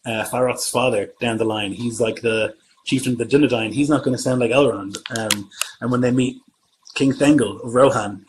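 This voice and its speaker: A man's voice: mid-range voice, a little hiss or hum, poor audio. Man rambling casually as a game master. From Germany. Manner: meandering, thinking aloud. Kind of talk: casual livestream chat answering comments.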